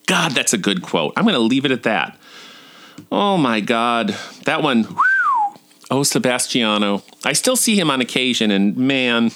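Male podcast host, forties, reads his own blog, campy and self-deprecating, very lively pitch. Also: unhurried. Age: 40s. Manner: campy, self-mocking, with high squeaky outbursts. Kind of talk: reading a blog post aloud.

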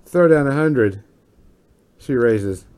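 A man running a tabletop game as game master, narrating in a lively, excitable way and often laughing. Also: mid-range voice, slow, smooth.

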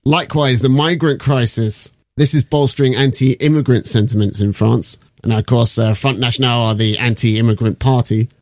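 A man's voice: medium pitch, fairly even intonation, moderate pace, few pauses, darkish tone, no echo, studio quality. A man, hosting a casual podcast and walking through political background with jokes and the odd swear word. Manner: explains background at length, sweary and joking. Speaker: podcast host.

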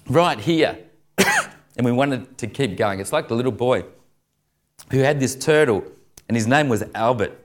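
Joking preacher. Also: male voice, medium pitch. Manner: jokey storyteller, chuckles through punchlines. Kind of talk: sermon with humorous stories.

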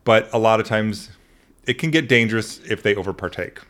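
A man's voice: on the low side, fairly quick, fairly bright tone. A man hosting a podcast, chatting casually, joking and laughing often, with frequent restarts. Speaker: podcast host. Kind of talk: casual chat.

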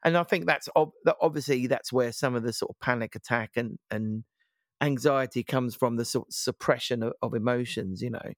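A man's voice: mid-range voice, fairly quick, no echo, clean studio sound. A man in casual podcast chat, talking reflectively and hesitantly. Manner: reflective, hesitant, many restarts. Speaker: podcast co-host.

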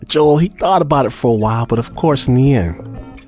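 A male host sets up the next story in a theatrical, unhurried way, his pitch swinging up and down. Music plays clearly beneath him. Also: lively intonation, darkish tone. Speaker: radio show host. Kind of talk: scripted show introduction. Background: music bed.

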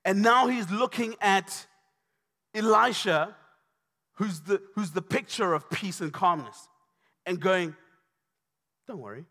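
A man preaching a sermon, passionate and repetitive, building to shouts. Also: high voice, slow, pauses often. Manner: impassioned, repetitive, rising to shouts. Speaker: pastor.

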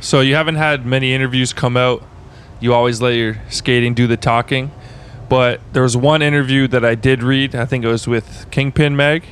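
A man hosting a podcast, asking calm, measured interview questions. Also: medium pitch, clear, resonant tone. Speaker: podcast host.

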